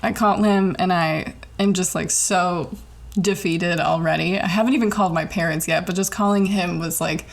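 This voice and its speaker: A woman's voice: on the low side, moderate pace, gravelly. Chatty young woman telling a story. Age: young adult. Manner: animated, chatty, swears a lot, fills with "like". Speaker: podcast host. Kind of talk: casual personal storytelling.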